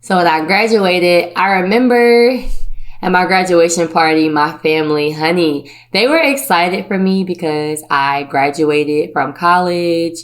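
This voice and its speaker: A woman's voice: lowish voice, a little slow. A woman from Virginia, hosting a podcast, telling a personal story in a playful, chatty way and putting on the voices of her relatives. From Virginia, USA. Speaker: podcast host.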